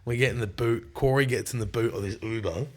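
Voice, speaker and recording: This is a young Australian man talking casually on a podcast. He spins a rowdy story and curses often. He slips into quick impressions of his friends along the way. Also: medium pitch, background noise. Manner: swears a lot, acts out quotes. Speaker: guest.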